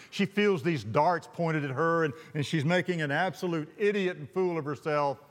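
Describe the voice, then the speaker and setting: A male pastor telling a story from the pulpit, animated and rambling, often restarting his sentences. His voice sits a little high for a man, and the long reverb of a large hall trails after each phrase. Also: normal speed, few pauses. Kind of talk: sermon storytelling.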